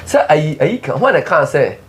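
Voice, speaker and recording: A Ghanaian man hosting a political talk show, cutting in to press his guest with question after question. His voice sits a little high and jumps around a lot in pitch. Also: big pitch swings, moderate pace. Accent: Ghanaian English.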